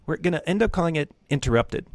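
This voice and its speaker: A man's voice: fairly high pitch, animated, quick pace, creaky, dry recording. A man teaching music theory in a loose, conversational lecture with jokey asides. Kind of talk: casual lecture.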